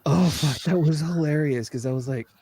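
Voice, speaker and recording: A man co-hosting a casual live stream, animated and quick to laugh as he banters. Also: on the high side, husky, no room sound. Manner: animated, laughs often, excitable. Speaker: co-host.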